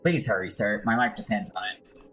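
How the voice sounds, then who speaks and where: A man's voice: fairly low pitch, lively intonation, brisk, fairly bright tone, soft background music, low-quality recording. A man doing a hunted, pleading outcast. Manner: frantic, pleading.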